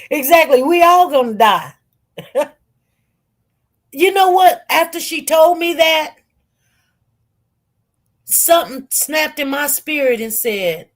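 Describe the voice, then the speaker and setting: A woman with a Detroit accent talks straight to her viewers, animated and emphatic, doubling back on her words as she tells a story. Her voice sits high, and she takes her time. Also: slow pace, pauses often. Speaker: live-stream commentator.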